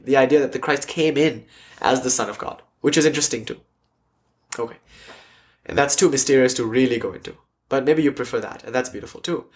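A man giving a casual lecture as a spiritual teacher, telling stories animatedly and acting out quotes. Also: a little high. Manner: animated storytelling, acts out quotes. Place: class with online audience.

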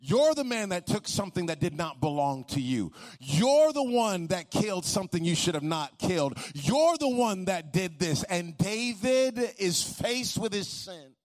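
A man preaching in call-and-response. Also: a little high. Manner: call-and-response, repeating key phrases; emphatic preaching with varied pace. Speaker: pastor. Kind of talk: sermon.

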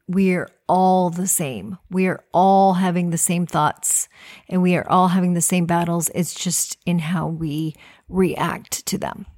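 Chatty encouraging woman podcast host. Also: medium pitch. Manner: chatty, encouraging, restarts a lot. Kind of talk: casual monologue.

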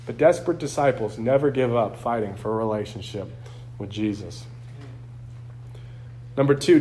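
A man's voice: a little high, darkish tone. A man preaching a sermon as pastor, earnest and conversational, acting out quotes along the way.

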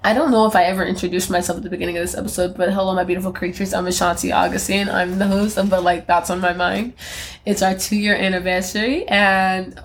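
A woman's voice: lowish voice, flat delivery, very fast, few pauses, slight background noise. A young woman hosting her own podcast, chatting casually on her own in a rambling, self-mocking way with frequent laughs. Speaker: podcast host. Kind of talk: casual solo podcast chat.

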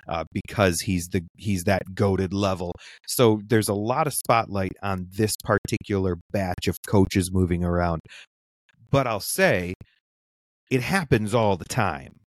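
Male podcast co-host with a fairly low voice and a measured delivery, recorded dry and close. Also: no echo. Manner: measured, lays out a counterpoint. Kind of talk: casual sports chat.

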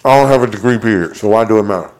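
A man's voice: fairly low pitch, rapid-fire. A Southern man around forty from Mississippi, teasing and playful in casual sports banter, often talking over others. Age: 40s.

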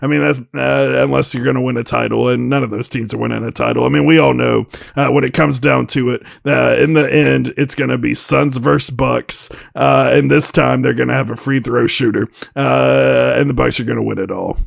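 Gravelly man in casual sports banter. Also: mid-range voice, steady tone, brisk, hardly any pauses, no room sound, studio quality. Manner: joking, hesitant with many fillers. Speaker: sports talk panelist.

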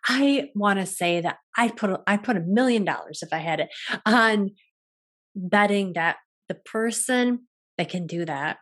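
Gentle reflective woman host. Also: medium pitch, animated, measured pace. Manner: gentle, contemplative, with frequent restarts. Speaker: yoga and wellness podcast host. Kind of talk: reflective solo talk.

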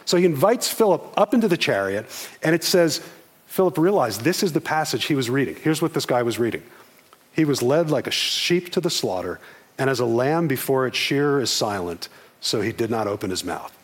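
A male pastor delivering a sermon, telling the story with animated quoted voices. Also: mid-range voice, fairly quick, husky.

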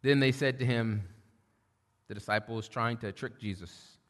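A middle-aged man preaching a sermon, shifting between loud preaching and quiet storytelling. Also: mid-range voice, a little slow. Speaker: pastor. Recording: long hall reverb.

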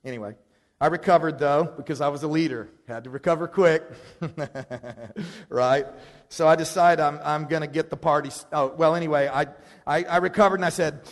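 A man preaching a sermon, telling a story in an animated, self-deprecating way. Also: a little high, normal speed, big-room sound. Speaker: pastor.

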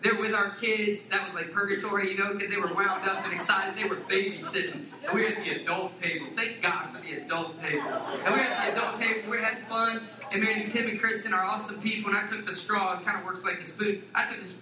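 A man's voice: high-pitched, fairly even intonation, fast, a crowd in the background. A man preaching a sermon as pastor, playful and joking as he talks to the congregation. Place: church sanctuary. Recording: echoey church hall from far off with congregation.

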